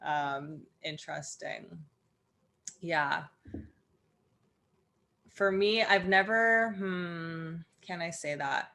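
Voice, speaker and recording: Low-voiced woman co-host, measured. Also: vocal fry, sharp tone. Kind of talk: casual conversation.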